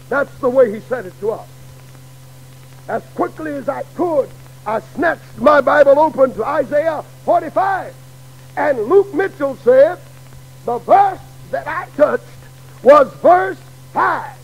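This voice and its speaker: A middle-aged man preaching a sermon in a dramatic way that builds to shouts, on an old radio broadcast. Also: extremely high pitch, animated, slow, vocal fry, dull audio.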